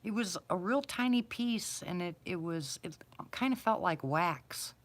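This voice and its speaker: A middle-aged woman with a low, deep-set voice hosts a casual livestream. She is chatty and addresses her viewers by name in an easygoing tone. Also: animated, a little slow. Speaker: livestream host. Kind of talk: casual live chat with viewers.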